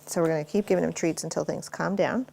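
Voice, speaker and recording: A woman with a low, gravelly voice teaches dog training at home. She talks viewers through each step and breaks off now and then to give the dog short, firm commands. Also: steady tone, quick pace, mellow. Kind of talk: instructional dog training demonstration. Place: inside a house.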